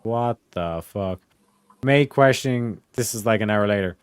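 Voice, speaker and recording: A young man with a smooth, clear voice reads old case notes aloud in a dry, close recording. He stumbles through with fillers and frequent swearing, pitched a bit low. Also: dry recording. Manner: profane, halting, reads with fillers. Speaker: host reading case files. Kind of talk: casual chat reading transcripts aloud.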